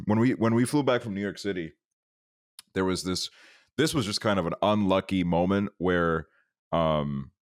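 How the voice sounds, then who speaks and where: A young man co-hosting a podcast in casual chat, relaxed, laughing easily and adding chatty asides. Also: low voice, moderate pace, long pauses, dry recording, studio quality. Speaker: podcast co-host.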